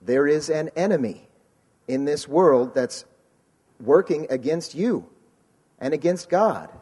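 A man's voice: expressive, slow pace, dark tone, slightly rough, in a large hall. A man preaching in a conversational, earnest way, pressing his points with emphasis. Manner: earnest, emphatic, mocks a careless sinner in a high voice. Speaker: pastor.

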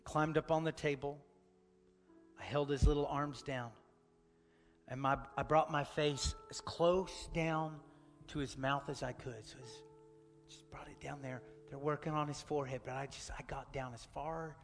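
A man in his thirties preaching a sermon as a pastor, telling a personal story and swinging from loud urgency to a soft, near-whispered hush. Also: medium pitch, steady tone, measured pace, in a large hall, soft background music.

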